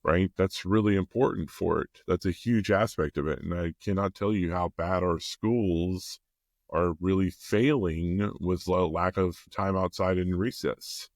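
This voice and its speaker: A man on a podcast, chatting casually and throwing in quick jokey quips. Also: deep voice, steady tone, dry recording, studio quality. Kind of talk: casual conversation.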